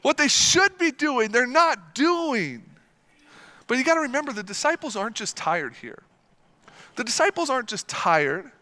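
Bright, animated man preaching a sermon. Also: high voice. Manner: animated and emphatic, with lively storytelling; repeats words when stressing a point. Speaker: pastor.

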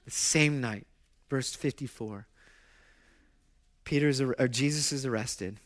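A male pastor preaching a sermon in a lively, conversational way, moving from loud exclamations to hushed storytelling. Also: mid-range voice, measured pace.

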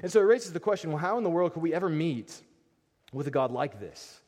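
A pastor preaching a sermon, animated and emphatic, often repeating words as he builds a point. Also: fairly high pitch, a little fast. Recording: long reverb of a large hall.

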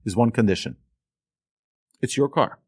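A man voicing a wealthy bachelor uncle who speaks in a low, measured and firm way. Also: animated, a little mellow, breathy edge, dry recording, studio quality.

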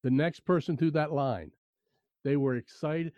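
A man in conversation, telling an animated personal anecdote about work attitude, often repeating key phrases. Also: fairly high pitch, a little slow, dry recording. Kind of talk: conversational storytelling. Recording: dry, muffled lo-fi sound.

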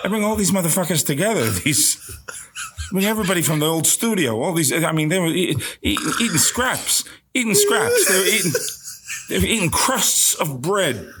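A man voicing an older, gruff and boastful famous male film actor, rambling with a gravelly voice and sudden loud outbursts. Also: sing-song, moderate pace, noisy background. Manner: rambling, swings from low grumble to loud outbursts. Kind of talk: comedic impression on a podcast.

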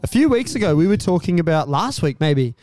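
Male podcast co-host, upbeat banter, higher smooth voice, dry close mic. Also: brisk, no room sound. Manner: upbeat, joking, animated.

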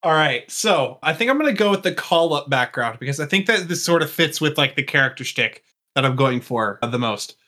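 A man pitching his character as a player, in casual, rambling talk full of "like". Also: animated, fairly quick, bright, forceful tone. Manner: rambling, many fillers like "like". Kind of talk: casual podcast chat.

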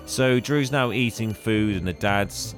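A man on a casual podcast, retelling a film's plot with frequent laughs and quick comic voices for the characters. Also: fairly low pitch, over music. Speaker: podcast co-host recapping a film.

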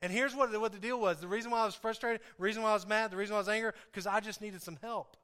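A man's voice: high-pitched, fairly even intonation, racing, pushed and bright, smooth. A pastor preaching a sermon, earnest and confessional, who repeats his key phrases for emphasis and speaks straight to his congregation.

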